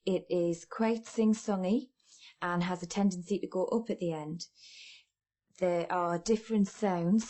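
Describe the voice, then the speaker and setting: A woman with a northeast English accent, speaking steadily and fluently. Her voice is fairly low and has a dark, mellow tone. She sounds composed and prepared. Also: a little slow. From Sunderland, northeast England. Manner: steady and fluent, few fillers.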